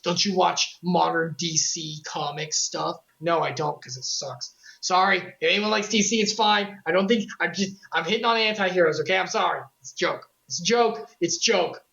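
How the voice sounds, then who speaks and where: A woman recapping game lore on a casual stream, animated and joking, with sarcastic asides. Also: on the low side, normal speed, vocal fry, few pauses, muffled recording.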